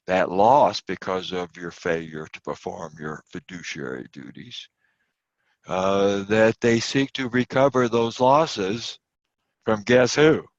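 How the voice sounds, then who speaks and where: A man with a very low voice gives an online lecture, pushing his voice up to emphasize key points amid frequent fillers. The audio is dry and slightly muffled with no room sound, like a computer mic on a video call.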